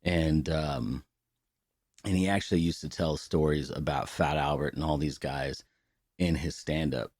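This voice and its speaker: A middle-aged man with a very low voice, chatting loosely on a podcast and swearing freely as he spins stories. The sound is dry and close, with no room around it. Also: steady tone, a little slow, darkish tone, dry recording. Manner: loose, profane storytelling with laughter. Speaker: podcast co-host. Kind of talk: casual podcast chat.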